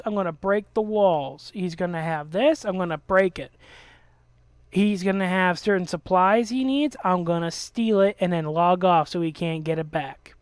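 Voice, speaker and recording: A man's voice: high-pitched, smooth, no room sound. A young man hosting a game video, delivering an angry, profane rant about a friend. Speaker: Let's Play host. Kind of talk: ranting commentary over gameplay.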